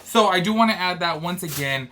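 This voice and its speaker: A man's voice: high-pitched, expressive, a little fast, sharp tone, slight background noise. Chatty man rambling on a cruise. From Georgia, USA. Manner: chatty and rambling, many fillers. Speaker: vlogger. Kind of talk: casual travel vlog chat. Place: cruise ship cabin.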